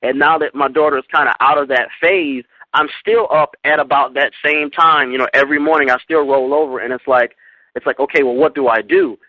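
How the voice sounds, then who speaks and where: A man's voice: medium pitch, fairly even intonation, brisk, no echo. A man hosting an interview show, chatting with a guest in a friendly way, often affirming her and laughing. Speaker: radio show host. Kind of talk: casual interview talk. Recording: dry, dull lo-fi online radio audio.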